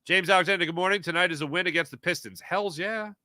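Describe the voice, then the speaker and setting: A man hosting a casual sports talk show, talking emphatically and answering live chat with quick asides. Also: high-pitched, steady tone, bright, forceful tone, dry recording, clean studio sound.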